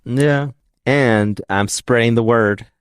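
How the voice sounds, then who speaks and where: A man's voice: medium pitch, slow pace, clean tone, dry recording, clean studio sound. A man co-hosting a podcast in casual conversation, rambling and joking, often restarting his sentences. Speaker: podcast co-host.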